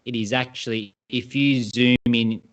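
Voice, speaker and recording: A man's voice: mid-range voice, steady tone, unhurried. A man with an Australian accent, a badminton brand co-founder, explaining at length in a casual interview over a video call. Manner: enthusiastic, rambling explanations.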